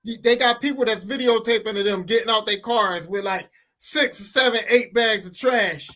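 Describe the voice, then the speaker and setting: A man with a very high voice holds forth in a casual podcast conversation. He speaks with animated indignation and curses freely. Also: normal speed. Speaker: podcast co-host. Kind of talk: casual chat.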